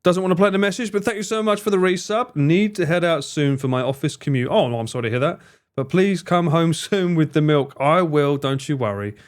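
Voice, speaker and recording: A man's voice: on the high side, a little fast. A man streaming live, chatting casually and laughing as he reacts to a video and his chat.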